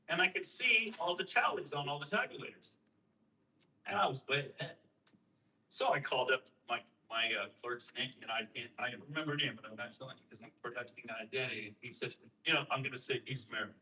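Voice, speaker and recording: A man talking to a host, explaining and telling a story with emphatic rhetorical questions and lively quoted voices. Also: medium pitch, far from the mic, poor audio. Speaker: guest speaker on election systems.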